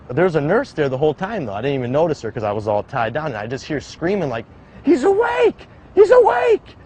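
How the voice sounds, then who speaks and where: A young man recounting a personal survival story in a casual, halting way, with many "like" fillers. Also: medium pitch, rough recording. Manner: casual, halting, heavy use of "like". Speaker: survivor telling his story. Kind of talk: documentary-style personal account. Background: background music.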